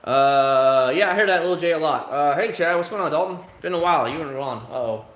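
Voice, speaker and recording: A man's voice: fairly high pitch, fairly quick, a bit bright, roomy sound. A man hosting a livestream, chatting casually with viewers in a candid, rambling way full of fillers, outside his home. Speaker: livestream host. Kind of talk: casual chat answering viewers.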